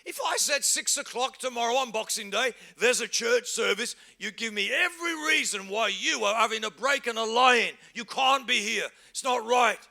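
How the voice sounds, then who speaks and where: A middle-aged man, preaching a humorous sermon that acts out everyday scenes and bursts into shouts for emphasis. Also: very high voice, moderate pace, gravelly, hardly any pauses. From England. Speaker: pastor.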